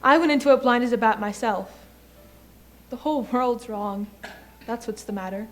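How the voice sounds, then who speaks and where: A woman's voice: on the high side, moderate pace, soft background music, close to an everyday voice. Young woman playing a weepy mother of the bride. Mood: tearful, rueful. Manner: stage acting, rueful and weepy. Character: tearful middle-aged mother of the bride. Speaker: student actor in a school play. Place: school theater stage.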